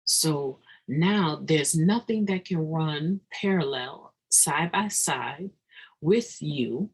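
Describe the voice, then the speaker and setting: A recovery meeting speaker giving an earnest, reflective daily meditation talk, halting and restarting mid-thought with sudden emphatic bursts. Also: medium pitch, breathy edge, poor audio.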